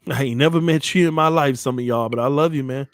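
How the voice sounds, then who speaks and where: A man's voice: medium pitch, quick pace, dry recording, studio quality. A man hosting a sports channel, giving an earnest, emotional motivational talk to his viewers, often repeating phrases and calling them "man" and "y'all", shaken after hours of crying.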